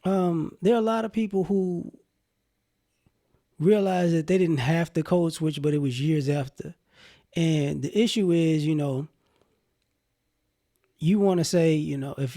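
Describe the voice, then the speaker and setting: Gravelly Southern man rambling on. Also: a little high, warm tone. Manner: rambling, conversational, many fillers. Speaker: vlogger. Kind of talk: casual opinion monologue.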